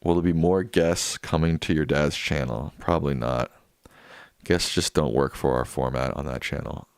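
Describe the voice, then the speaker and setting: Very deep-voiced man reading stream chat. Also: normal speed, darkish tone, smooth, no room sound, studio quality. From United States. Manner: reads viewer comments aloud and answers offhand. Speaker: livestream host reading chat. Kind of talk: casual chat.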